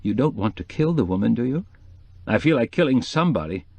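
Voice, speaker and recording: Male reader doing stern indignant reporter, animated delivery. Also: mid-range voice, a little fast, dry recording, voice pushed up, exaggerated voice. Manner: gruff, stern.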